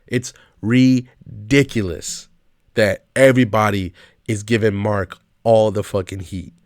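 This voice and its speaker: A man's voice: fairly low pitch, steady tone, measured pace, no echo, clean studio sound. A man hosting a reaction video, talking back to the clip he watches in a casual, exasperated way and swearing often.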